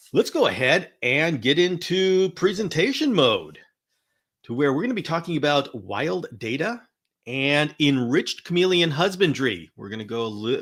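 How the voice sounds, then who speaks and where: Male host for a live teaching stream: upbeat, chatty, bright, forceful tone, stumbles and restarts often. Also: mid-range voice. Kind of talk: live-streamed educational talk.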